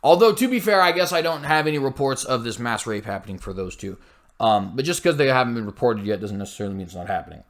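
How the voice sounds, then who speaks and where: A fast-talking man with a mid-range, animated voice hosts a commentary show. He reads the news aloud, adding blunt, scornful asides, and often slips and corrects himself.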